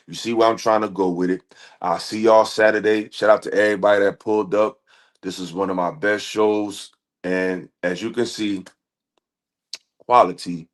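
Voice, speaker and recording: A man's voice: lowish voice, a bit bright. A man hosting a live stream, talking casually to his audience in loose slang with many fillers. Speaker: livestream host.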